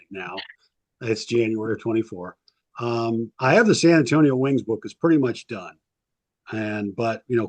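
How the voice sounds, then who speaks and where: A man's voice: mid-range voice, no room sound. Rambling man spinning old stories, dry sound. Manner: rambling anecdotes with frequent ums, acts out quotes. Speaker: sports historian and author, guest. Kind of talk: casual storytelling interview.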